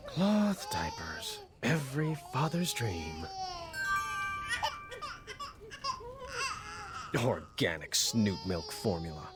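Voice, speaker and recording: A man's voice: medium pitch, sing-song, slow, over loud music. A man voicing a flustered, clumsy young father king who fumbles and mocks himself, in video game voice acting. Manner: fumbling, self-mocking, exclaiming. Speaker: game character.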